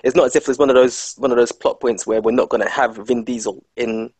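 A man's voice: medium pitch, steady tone, a little fast, darkish tone, slightly rough, no echo. A man in casual film chat, rambling and joking with lots of fillers.

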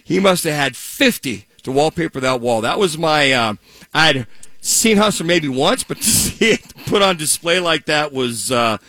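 A man's voice: on the high side, moderate pace, no room sound. A man co-hosting a radio talk show, telling a story casually and acting out the voices of the people in it. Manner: animated, acts out quoted voices, laughs while telling. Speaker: radio co-host.

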